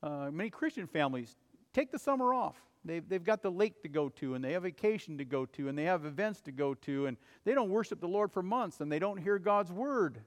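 A man preaching a sermon in an earnest way, rising to urgent appeals and falling to soft, low passages. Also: lively intonation, brisk, in a large hall. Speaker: pastor.

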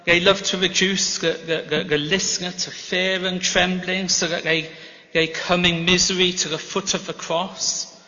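A man preaching a sermon in a large church, telling stories gently with self-deprecating humor. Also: high-pitched, level tone, moderate pace. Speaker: guest preacher. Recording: reverberant church hall, slightly muffled.

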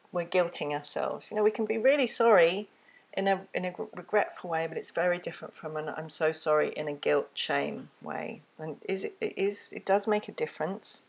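A woman giving a gentle, earnest solo talk on parenting, recorded close to the microphone and slipping into a soft, soothing tone when she models what to say to a child. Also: fairly low pitch, moderate pace, vocal fry, slightly rough. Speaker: parenting teacher. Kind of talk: reflective spoken talk.

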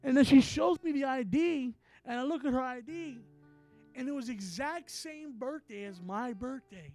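Preacher guy telling a story in his sermon, lively, acts out the parts, soft guitar behind. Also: extremely high pitch, a little slow. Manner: animated, acts out each side of the story. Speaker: apostle, preacher.

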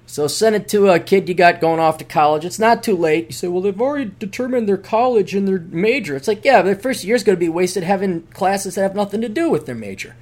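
A man hosting his own podcast, talking in a rambling, animated solo monologue with jokey asides. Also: high voice, a little fast, hardly any pauses. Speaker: podcast host.

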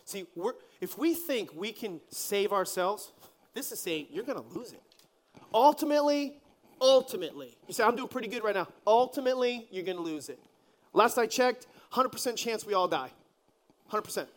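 High-voiced man preaching a sermon. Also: normal speed. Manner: animated, joking storyteller who acts out scenes. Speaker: pastor.

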